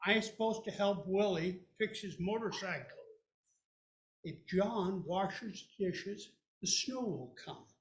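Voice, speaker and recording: A man's voice: high-pitched, animated, takes it slowly, slight background noise. An older man voicing a pleading older brother begging his mother, in an echoey room. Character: pleading teenage big brother.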